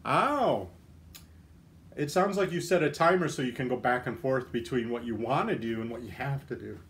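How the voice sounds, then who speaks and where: A man's voice: medium pitch, normal speed, fairly bright tone, slight background noise. A man hosting a livestream, chatting casually with viewer comments and cracking self-deprecating jokes. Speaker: livestream host.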